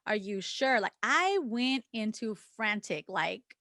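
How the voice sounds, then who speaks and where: A woman's voice: a little high, normal speed, pushed and bright, no echo, clean studio sound. A woman co-hosting a podcast, telling an emotional personal story with candid language and quoted back-and-forth dialogue. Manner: acts out quoted dialogue with others; casual swearing. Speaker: podcast co-host. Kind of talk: casual podcast conversation.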